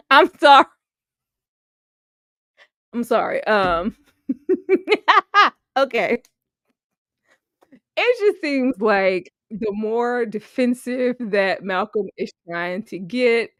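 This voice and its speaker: A woman's voice: mid-range voice, a bit bright, no echo. Giggly woman reviewing a TV series. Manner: giggly, laughs often between remarks; playful, teasing, keeps apologizing. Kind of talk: casual review chat.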